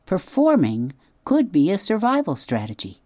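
A woman narrating a children's audiobook in an expressive storytelling manner, dropping soft at asides. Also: fairly low pitch, normal speed, no room sound. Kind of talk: scripted narration.

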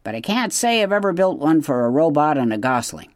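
A man's voice: a little high, big pitch swings, brisk, dry recording, clean studio sound, voice pushed up. Male reader playing grumpy old-school beaver dad, mutters, storybook voice. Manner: gruff, muttering, grudging. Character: stubborn grumbling male beaver father.

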